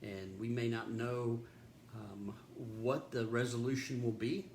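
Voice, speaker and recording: A man's voice: medium pitch, fairly even intonation, unhurried, darkish tone. A man serving as pastor, reading scripture and giving a reflective, earnest devotional talk. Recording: roomy echo with faint background noise.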